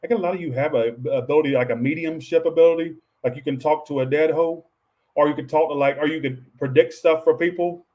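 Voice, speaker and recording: Speaking fast, a tarot reader with a slightly higher voice gives his viewers a rambling, offhand reading, swearing often and pausing to reply to chat. The highs in the audio are cut off.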